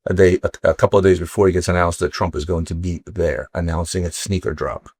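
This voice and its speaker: A middle-aged man from Ukraine, a watch dealer, telling stories in casual chat, animated and swearing freely. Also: sits low, quick pace, husky, no echo, clean studio sound. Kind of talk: casual storytelling.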